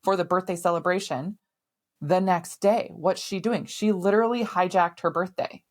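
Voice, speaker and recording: A middle-aged woman with a fairly low voice recounts a personal story on her podcast. She speaks candidly and emphatically, swearing now and then. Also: moderate pace. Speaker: podcast host.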